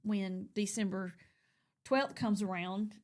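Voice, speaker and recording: An older woman co-hosting a casual chat, telling animated stories and acting out what people said. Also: medium pitch, slow. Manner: chatty, animated storyteller, acts out quotes.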